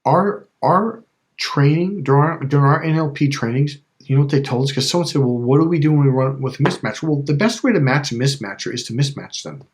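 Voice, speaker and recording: A man's voice: on the high side, lively intonation, a little fast. A man giving a casual coaching talk, emphatic and repetitive, often checking in with "okay?". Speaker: life and relationship coach.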